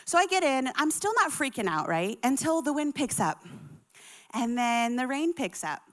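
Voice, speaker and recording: A woman in her thirties from Colorado, telling a comic personal story in an animated, chatty way. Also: high voice, measured pace. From Colorado, USA. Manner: animated, chatty, full of acted-out quotes.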